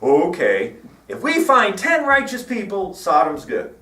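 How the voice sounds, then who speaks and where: A man's voice: high voice, wildly swooping pitch, a little slow, bright, forceful tone, heavily acted. A preacher voicing God as an easygoing, casual male figure, recorded in an echoey hall from a distance. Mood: relaxed. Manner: casual, offhand, agreeable. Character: deity, male, easygoing and agreeable.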